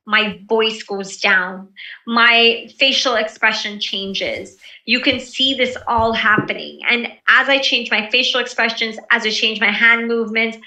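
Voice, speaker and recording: A woman's voice: a little high, sharp tone. A woman instructor teaching presentation skills in an online class, encouraging and coaching, with many fillers and restarts. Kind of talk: live online class lecture. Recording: echoey room from far off.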